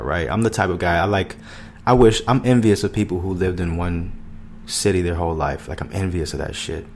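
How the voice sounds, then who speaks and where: A young man with a notably low voice talks through a casual podcast monologue. He curses freely and strings thoughts together with loose fillers, and faint background noise sits under him. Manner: profane, loose and conversational, lots of fillers. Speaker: podcast host.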